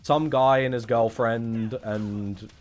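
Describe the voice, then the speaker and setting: A man's voice: medium pitch, steady tone, slow. A young man, talking casually and sarcastically to his chat on a live stream, rambling and swearing often.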